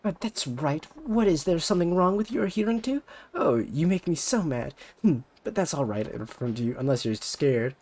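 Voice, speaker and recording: A man's voice: big pitch swings, moderate pace, a little mellow. A man voicing a vain, bratty teenage girl idol rival in a video game, haughty and taunting. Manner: haughty, taunting, shrill sneers.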